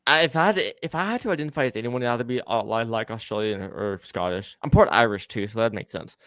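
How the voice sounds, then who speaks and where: A man's voice: mid-range voice, fast, fairly bright tone, dry recording, clean studio sound. A man hosting a podcast, chatting casually with a stutter, lots of swearing and easy laughter. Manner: stuttering, profane, laughs easily. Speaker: podcast host.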